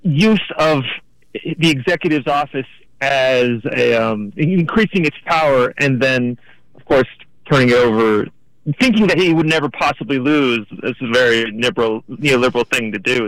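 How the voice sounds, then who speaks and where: Man, radio caller, mid-pitched voice, dry sound. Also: moderate pace, fairly bright tone, dry recording, low-quality recording. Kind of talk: calling in to talk radio.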